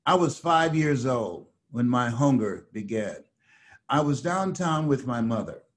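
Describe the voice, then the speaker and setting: An older man from the United States, a motivational speaker telling stories as a guest, slow and emphatic like a preacher. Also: medium pitch, very animated. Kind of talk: storytelling motivational talk.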